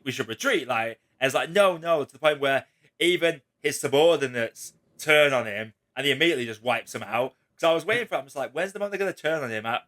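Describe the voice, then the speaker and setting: A man's voice: medium pitch, a bit bright. A man hosting a casual spoiler chat, talking animatedly and acting out quotes in raised voices. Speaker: podcast host.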